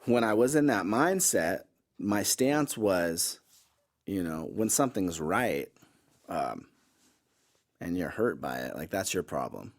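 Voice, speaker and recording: A man's voice: low voice, big pitch swings, slow, pauses often. A middle-aged man co-hosting a podcast, talking casually and rambling with many fillers and restarts. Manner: rambling, self-correcting, lots of "like" and "you know". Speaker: podcast co-host. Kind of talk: casual conversation.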